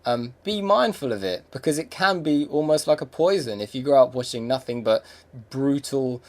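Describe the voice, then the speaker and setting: A man's voice: mid-range voice, expressive, normal speed. Rambling English man musing aloud. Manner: rambling, reflective, many fillers and restarts. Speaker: podcast host. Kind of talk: casual monologue.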